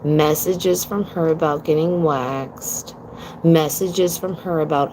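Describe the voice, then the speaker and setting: A woman's voice: low voice, steady tone, takes it slowly, a little mellow, a little hiss or hum, rough recording. A woman livestreaming from home on her phone, telling a story to her viewers in a blunt, profane, emphatic way and calling them "girl". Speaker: livestream host.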